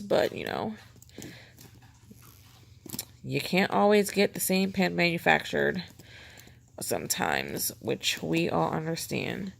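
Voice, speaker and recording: A low-pitched, gravelly woman's voice with a slightly bright quality. The planner vlogger is at home doing a casual show-and-tell of her pen collection, chatty, rambling and making fun of herself.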